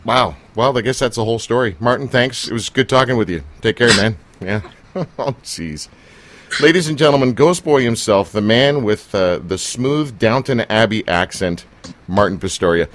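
A man's voice: medium pitch, expressive, normal speed, fairly bright tone. A man hosting a casual interview, teasing his guest in a jokey, rambling way with plenty of fillers. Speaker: interviewer and show host.

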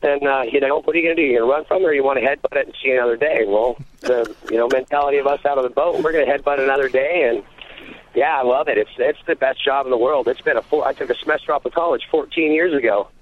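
A man's voice: medium pitch, fast, a little hiss or hum. A man in his thirties, a fishing deckhand, talking casually as a guest on a phone interview, full of fillers and easygoing. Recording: phone line.

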